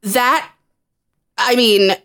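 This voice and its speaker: A woman's voice: on the high side, very slow, bright, forceful tone. A woman chatting casually and emphatically, analyzing characters with some fillers. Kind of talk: casual chat.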